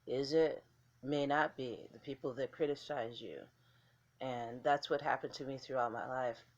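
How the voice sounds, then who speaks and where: A woman's voice: a bass voice, fairly even intonation, normal speed, muffled recording. A woman vlogger talking casually to camera in a blunt, candid way, swearing freely.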